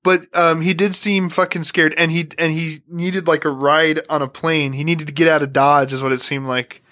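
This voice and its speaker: A man's voice: a little high, flat delivery, moderate pace, bright, forceful tone. A man hosting a podcast, talking casually, laughing often and swearing freely. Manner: laid-back, profane, laughs a lot. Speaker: podcast host.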